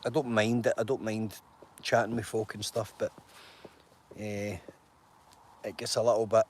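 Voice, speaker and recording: A man's voice: lowish voice, flat delivery, moderate pace, a little hiss or hum. A man, hosting a casual live stream and greeting viewers by name in a rambling, chatty way, outdoors in a mountain glen on a phone.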